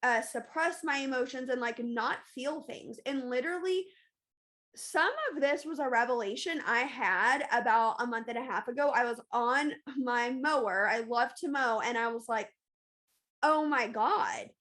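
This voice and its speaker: A woman's voice: on the high side, moderate pace, a bit bright. A woman hosting a podcast, talking candidly and emphatically in a casual confessional monologue, often repeating phrases for stress. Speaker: podcast host.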